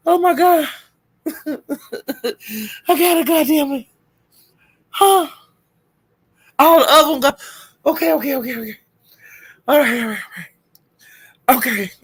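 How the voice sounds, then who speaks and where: A woman's voice: sits high, a little slow, pauses often. A woman hosting a live stream who is frantic and flustered, swearing, laughing and calling out to viewers for help. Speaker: livestream host.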